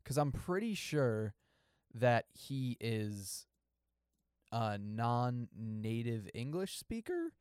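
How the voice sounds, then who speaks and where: Casting: male podcast co-host, animated, dead-dry close recording. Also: medium pitch, very slow, clear, resonant tone, no echo. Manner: animated, mimics bad line readings. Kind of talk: casual film review chat.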